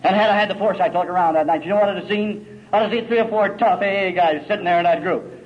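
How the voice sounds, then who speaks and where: A middle-aged man telling his story at a recovery meeting, gritty and folksy, swinging from loud to hushed. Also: high voice, fast talker, lo-fi sound, a little hiss or hum.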